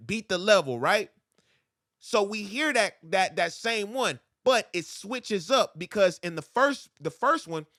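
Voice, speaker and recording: A man's voice: high voice, a bit bright, no room sound, clean studio sound. A man coaching rap flow, explaining syllables and stress and rapping example lines back in a bouncy cadence. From United States. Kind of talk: breaking down rap verses.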